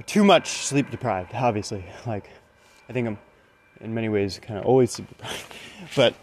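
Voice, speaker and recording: A man's voice: fairly low pitch, lively intonation, moderate pace, darkish tone, slight background noise, poor audio. A man talking through a casual, reflective monologue, earnest and rambling, with many restarts.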